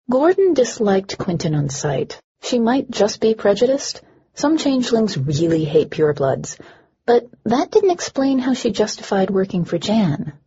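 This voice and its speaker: A woman's voice: on the low side, mellow, husky, lo-fi sound. A woman narrating a first-person audiobook in a dry, wry manner.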